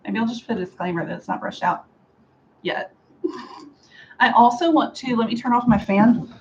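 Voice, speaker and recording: A woman chatting casually through a hair styling tutorial at home, sarcastic and quick to laugh. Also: fairly high pitch, a little mellow, lo-fi sound, a little hiss or hum. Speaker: beauty vlogger. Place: home room with a fan.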